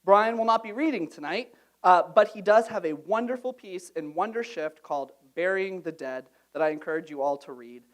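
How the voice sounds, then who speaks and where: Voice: medium pitch, normal speed. An emcee introducing readers at a literary event, informal and friendly, with a few fillers.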